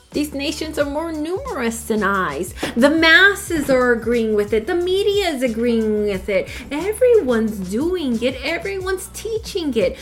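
A woman from El Paso, Texas, gives a scripture lesson in a fairly high voice. She is emphatic and preachy and keeps asking rhetorical questions. Soft music plays faintly behind her. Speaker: Torah teacher.

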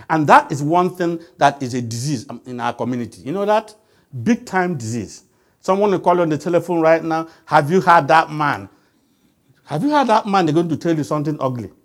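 A man preaching a sermon, emphatic and quizzing the congregation with call-and-response questions. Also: a little high.

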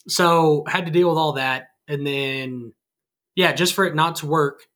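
A man's voice: a little high, normal speed, pushed and bright. A man in his twenties chatting casually, acting out both sides of conversations as he tells stories. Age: 20s. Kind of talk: casual storytelling chat.

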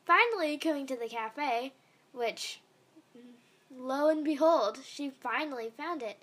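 Woman storyteller, high and slow, meandering fan story reading, casual asides. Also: animated, a bit bright. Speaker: fan fiction reader.

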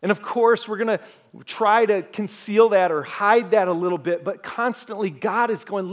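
A male pastor preaching a sermon in a relaxed, conversational way, joking and talking directly to his congregation. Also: high voice, moderate pace. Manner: conversational, jokes and talks to the congregation.

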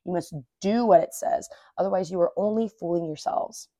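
A woman with a soft, mellow voice hosts a casual devotional podcast. She reads verses aloud, repeats them, and reflects on them in earnest, everyday language. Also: fairly low pitch, moderate pace, no echo, studio quality. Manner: earnest and informal, says "dude" and "like"; openly moved and emotional. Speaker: podcast host.

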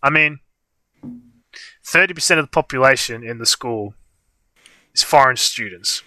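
A man's voice: medium pitch, moderate pace, pushed and bright, no room sound. A young man, co-hosting a livestream and telling a long story in casual chat full of fillers. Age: young adult. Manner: rambling storytelling with frequent fillers. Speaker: livestream co-host.

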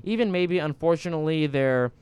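Give me a tipsy male podcast host with a smooth voice, recorded dry. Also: fairly high pitch, brisk, darkish tone, no echo. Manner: rambling, lots of fillers. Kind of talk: casual beer-tasting chat.

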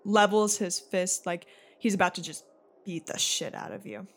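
A woman's voice: on the low side, steady tone, moderate pace. A woman narrating a tabletop role-playing game as game master, casual and laughing often.

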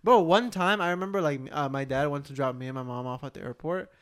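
A man's voice: on the high side, fast, clear, resonant tone. A young man co-hosting a podcast, bluntly and casually speaking with lots of slang. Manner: blunt, slangy, says bro a lot. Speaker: podcast co-host. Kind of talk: casual chat.

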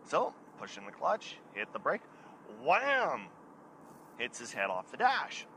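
A man's voice: mid-range voice, wildly swooping pitch, moderate pace, creaky, sharp tone, slight background noise, rough recording. A man, hosting his own show and telling a casual story, chatty and laughing at himself now and then. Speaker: podcast host.

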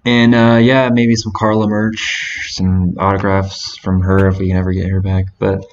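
A man's voice: low voice, flat delivery, moderate pace. A man co-hosting a casual podcast, talking in a rambling, laid-back way with lots of fillers. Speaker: podcast co-host. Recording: dull lo-fi podcast audio.

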